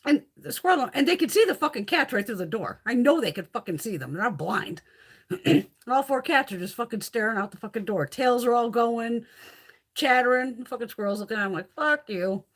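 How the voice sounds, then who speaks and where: Woman host, casual and profane, lively up-and-down voice, chatting to viewers live. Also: a little high, a little fast, breathy edge. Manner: chatty, profane, reads and answers viewer comments. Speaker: livestream host. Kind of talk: casual livestream chat.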